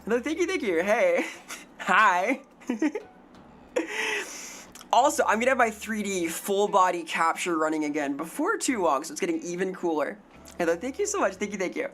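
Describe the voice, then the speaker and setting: A woman's voice: medium pitch, expressive, moderate pace, a bit bright. A woman streaming live in a casual, silly way, swearing freely, her throat strained from too little sleep.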